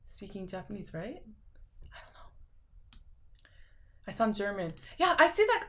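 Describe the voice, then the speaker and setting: A young woman with a lisp, chatting casually on a live stream and reading viewer comments out loud, rambling with lots of fillers. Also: fairly high pitch. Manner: rambling, filler-heavy, laughs often.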